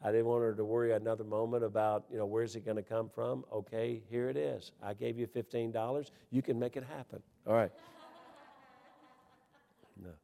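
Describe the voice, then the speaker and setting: A man preaching a sermon, animated and folksy, swinging between loud emphatic peaks and quiet asides, with chuckles and storytelling. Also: mid-range voice, moderate pace, creaky. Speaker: pastor. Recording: long hall reverb.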